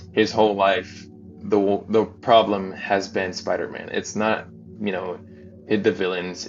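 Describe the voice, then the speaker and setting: A man with a deep, fairly flat voice gives a casual recap of a comic book story, talking loosely and leaning on fillers. His voice comes through dull and lo-fi. Music plays clearly underneath him. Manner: loose and chatty, heavy on fillers. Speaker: channel host. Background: background music.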